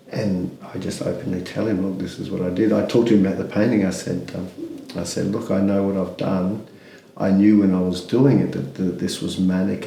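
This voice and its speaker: A man's voice: sits low, vocal fry, warm tone, roomy sound, slight background noise, poor audio. A man, speaking candidly as an interview guest, rambling with many restarts and fillers.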